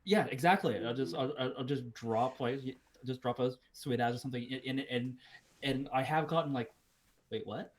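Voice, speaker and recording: A man's voice: medium pitch, brisk. A man with an American West Coast accent that slips into Kiwi words, co-hosting a podcast in rambling, swearing casual chat. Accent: American West Coast, slipping into Kiwi. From United States. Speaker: podcast co-host.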